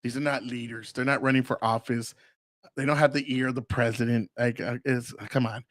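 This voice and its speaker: A man's voice: medium pitch, steady tone, a little fast, fairly bright tone, dry recording, studio quality. A man hosting a podcast, talking in a casual monologue, blunt and crude with heavy profanity, acting out other people's voices as he tells stories. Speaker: podcast host.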